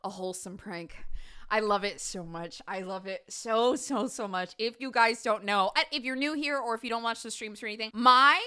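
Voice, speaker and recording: A young adult woman hosting a stream, chatting casually and excitably as she reacts to videos and pictures, often breaking into laughter. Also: a little high, normal speed, a little hiss or hum. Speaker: streamer host.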